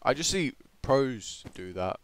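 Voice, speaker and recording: An excitable Australian man giving gameplay commentary, swearing and swinging between shouted outbursts and low muttering. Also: slow, background noise. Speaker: gaming commentator.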